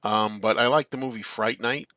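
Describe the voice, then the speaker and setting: A man's voice: fairly low pitch, fairly even intonation, normal speed, pushed and bright, no echo. A man hosting a casual live-stream chat, rambling and answering viewer comments. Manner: rambling, chatty, reads viewer comments aloud. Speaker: show host.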